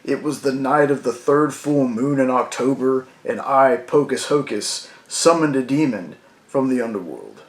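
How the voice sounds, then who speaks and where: A man reading out the lines of a pompous young male would-be magician in a flat, matter-of-fact way. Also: mid-range voice, a little slow. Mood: deadpan. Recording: roomy echo.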